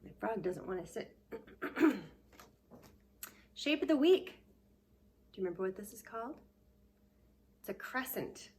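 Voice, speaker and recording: A woman teaching a remote preschool lesson, patient and sing-song, sometimes dropping to a hushed whisper to give clues. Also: medium pitch, lively intonation, unhurried, pauses often. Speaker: daycare teacher.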